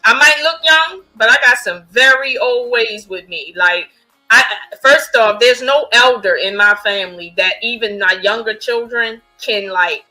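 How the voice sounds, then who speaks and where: A woman's voice: a little high, a little slow, sharp tone, soft background music, poor audio. A middle-aged woman telling a frank, stern story in a casual podcast chat, with plenty of fillers.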